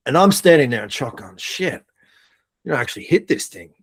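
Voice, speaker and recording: A middle-aged man from Australia tells an animated story, peppered with swearing and laughter. His voice sits at an ordinary middle pitch. He talks casually as a podcast guest. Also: racing, breathy edge. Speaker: podcast guest, air force veteran.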